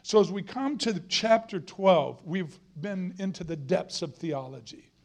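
A middle-aged man preaches with a fairly high voice. He is earnest and emphatic, and he drives points home by repeating phrases. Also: expressive, measured pace, creaky, darkish tone. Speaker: guest preacher. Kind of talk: sermon.

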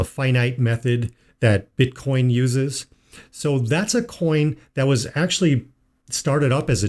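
A man hosting a financial talk show, telling a joke slowly in a folksy way. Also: medium pitch, darkish tone. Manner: unhurried, folksy storyteller. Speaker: financial advisor and show host. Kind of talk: casual radio talk with told jokes.

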